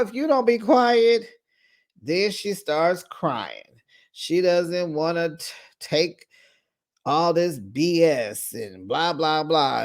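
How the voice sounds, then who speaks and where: A host recapping reality TV episodes in a chatty, sassy way, with drawn-out asides. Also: medium pitch. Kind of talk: casual recap commentary.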